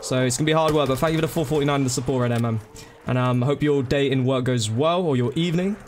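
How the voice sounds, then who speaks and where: A man's voice: mid-range voice, fast, darkish tone, slight background noise. A man chatting casually to viewers during a live gaming stream, thanking them by name and calling them bro and dude.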